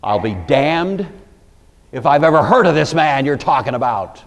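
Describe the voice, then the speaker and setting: A man's voice: fairly high pitch, lively intonation, moderate pace, long reverb tail, voice pushed up, natural voice. An older man acting out a cornered fisherman's vehement, word-by-word denial during a Bible lecture. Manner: vehement, stressing every word.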